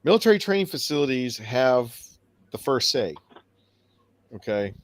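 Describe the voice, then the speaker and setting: A man's voice: medium pitch, sing-song, normal speed. A man co-hosting a live stream, chatting casually in a rambling way with many fillers. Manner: rambling storyteller, acts out quoted dialogue, many fillers. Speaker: podcast co-host. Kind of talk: casual chat. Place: home studio for a live stream.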